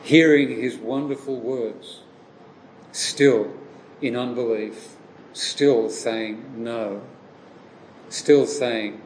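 A man preaching a sermon in a slow, measured way, often repeating and restarting phrases. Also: medium pitch, fairly even intonation. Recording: echoey room with faint background noise.

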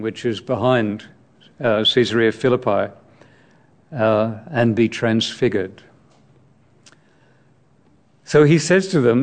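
Man preaching slow, mid-pitched voice, stops to ask the listeners questions. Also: a little mellow. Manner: slow, reflective, asks the listeners direct questions. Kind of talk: sermon on scripture.

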